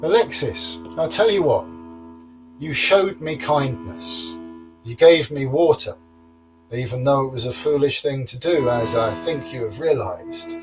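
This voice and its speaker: Man voicing a huge storybook giant: slow, sly and threatening, mid-pitched. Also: lively intonation, music in the background, lightly acted. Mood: menacing. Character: huge, menacing male giant.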